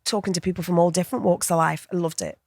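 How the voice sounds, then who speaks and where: Casting: northern English woman, fifties, chatty interview guest, lowish voice, dry sound. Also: steady tone, quick pace, vocal fry, darkish tone, dry recording. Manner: chatty, laughing, restarts sentences. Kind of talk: casual interview conversation.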